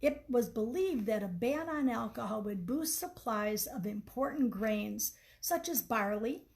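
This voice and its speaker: A woman reading aloud from her own book in a measured, explanatory way. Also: on the high side, expressive, creaky, a little mellow, low-quality recording. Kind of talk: storybook reading.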